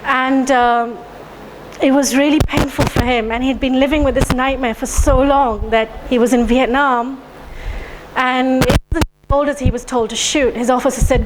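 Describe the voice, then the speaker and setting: A woman's voice: sits high, steady tone, moderate pace, background noise. A woman speaking to a live audience, asking them questions and leading them through guided tapping phrases. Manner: engaging, asks the audience questions. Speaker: speaker leading a health talk. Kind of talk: public talk to a live audience. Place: lecture room with an audience.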